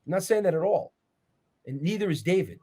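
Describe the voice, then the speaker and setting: A man sits for an interview and walks through his points in an earnest, preacherly tone. His voice sits a touch higher than most men's. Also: big pitch swings, fairly quick, warm tone, slightly rough. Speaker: interview guest, author. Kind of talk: conversational interview.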